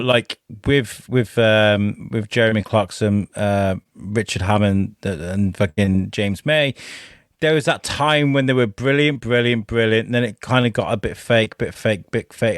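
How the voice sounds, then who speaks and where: A man's voice: mid-range voice, no echo, studio quality. A man co-hosting a podcast, joking around and swearing freely in casual chat. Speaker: podcast co-host.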